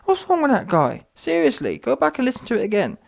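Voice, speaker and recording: Scornful high-voiced man ranting. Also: quick pace, creaky. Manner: animated, scornful, repetitive. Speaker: boxing commentator. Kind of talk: ranting commentary vlog.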